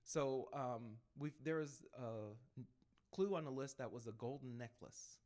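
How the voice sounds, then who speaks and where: Speaking in a mid-range voice, this man gives a storytelling testimony on a panel about sharing his faith. His delivery is lively, with laughter between the anecdotes and snippets of dialogue acted out as quick asides.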